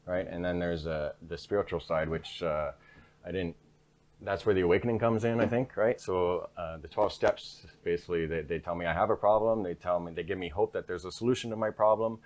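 A man's voice: sits low, brisk, darkish tone. A man speaking frankly in an interview, telling his story in a casual, conversational way and often tagging his sentences with "right?". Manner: frank, repeats "right?" tags. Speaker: interview guest.

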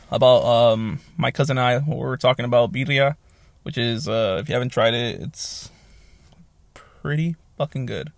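A man in his thirties talks through a casual solo podcast episode in a gravelly voice, close and dry on his new mic. He rambles, swears freely and corrects himself mid-sentence. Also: mid-range voice, no echo. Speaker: podcast host. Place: small soundproofed home office.

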